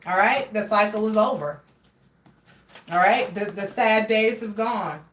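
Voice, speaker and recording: A woman's voice: medium pitch, measured pace, fairly bright tone, reverberant, distant mic. A woman reading tarot cards on a live stream, talking directly to her viewers and often checking in with "all right?". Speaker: tarot reader.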